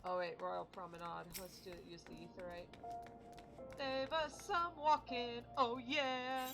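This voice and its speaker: A woman's voice: on the low side, measured pace, vocal fry, over music. A young woman streaming a game, giving casual commentary with playful, self-mocking asides.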